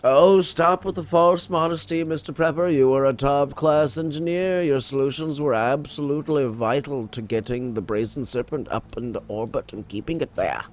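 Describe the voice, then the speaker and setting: A man's voice: mid-range voice, moderate pace, few pauses, a little hiss or hum, lightly acted. A man reading out the lines of a secretive male agent who admires his old colleague, with small stumbles as he reads. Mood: friendly.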